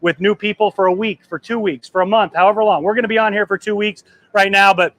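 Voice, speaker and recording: A man in his thirties hosting a live travel vlog from the deck of a cruise ship, excited and emotional, his voice trembling and choking up as he rambles. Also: high-pitched, quick pace, dry recording. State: trembling, choked up. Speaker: travel agency host.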